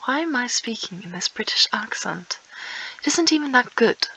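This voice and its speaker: A woman's voice: fairly high pitch, expressive, moderate pace, pushed and bright, breathy edge, rough recording. A teenage girl chatting casually and rambling while playing a game, sometimes dropping to a whisper or breaking into song. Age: teens. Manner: rambling, self-aware, drifts into whispers and song. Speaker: gaming streamer. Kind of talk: casual gameplay chat.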